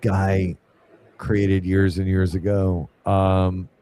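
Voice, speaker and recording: A man co-hosting a live trivia stream, telling rambling stories full of ums. His voice is low and mellow. A faint hiss of room noise sits behind it. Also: little pitch movement, extremely slow. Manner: rambling anecdotes with many fillers. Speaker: co-host of a paranormal trivia show. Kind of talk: casual live-stream chat, storytelling.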